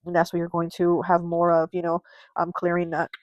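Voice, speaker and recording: A woman's voice: lowish voice, completely flat delivery, a little fast, dry recording, highs cut off. Chatty woman giving a tarot reading. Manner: chatty, with filler words and frequent restarts. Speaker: tarot reader. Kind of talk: casual tarot reading to camera.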